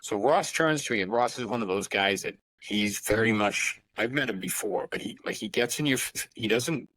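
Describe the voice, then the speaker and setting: A man in his sixties talks as a podcast guest, his voice sitting low. He drifts from one anecdote to the next with plenty of side remarks. The sound is close and dry, with no room around it. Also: normal speed, a bit bright, dry recording, low-quality recording. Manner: rambling anecdotal storytelling. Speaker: guest musician. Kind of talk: casual podcast interview.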